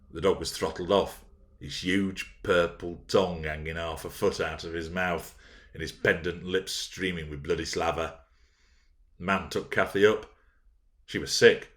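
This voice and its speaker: Deep-voiced man reading a classic novel. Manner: measured, expressive storytelling. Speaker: audiobook narrator.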